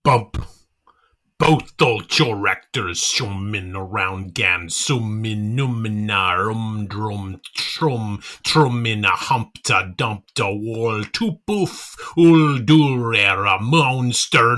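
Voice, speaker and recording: A man's voice: on the low side, slow pace, bright, forceful tone. A man co-hosting a podcast, reading a dense novel aloud in a rhythmic, chanting way.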